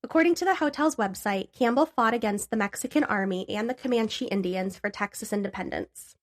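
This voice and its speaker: A woman's voice: mid-range voice, brisk. A young adult woman co-hosting a podcast, chatting casually with frequent laughs and swearing, then reading out history. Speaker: podcast co-host.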